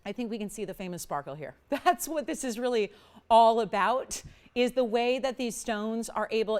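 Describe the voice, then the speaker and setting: A woman hosting a live TV jewelry shopping show, giving an enthusiastic, emphatic sales pitch. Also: animated, moderate pace, darkish tone. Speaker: shopping channel host.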